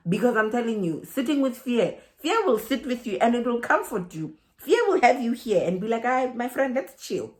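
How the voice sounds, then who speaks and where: A woman's voice: on the high side, normal speed, hardly any pauses. A woman with a South African accent giving a motivational talk to her viewers. She laughs often and acts out the voices in her head. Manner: animated, laughs often, acts out inner dialogue. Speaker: relocation vlogger.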